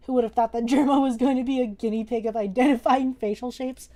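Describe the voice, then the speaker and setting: At a quick pace, a young woman hosts a casual drawing class on a live stream in a slightly high voice. Playful and easily excited, she trades jokes with her audience and swears now and then.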